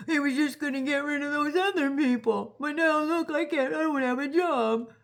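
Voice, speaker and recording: A woman voicing a whiny, panicked female voter who has lost her job, pitched well above her own voice. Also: normal speed. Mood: whiny dismay. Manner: whining, self-pitying.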